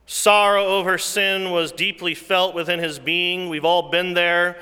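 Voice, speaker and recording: A man preaching a sermon, slow and deliberate, rising loud and falling to a hush. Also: high voice, smooth, in a large hall. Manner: slow, deliberate preaching that swells louder then drops to a hush.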